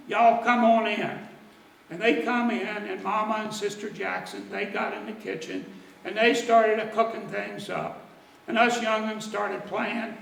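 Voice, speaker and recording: A man telling a folksy story in dialect at a church service, animated and lively. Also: high-pitched, vocal fry, echoey room, distant mic, low-quality recording. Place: church sanctuary.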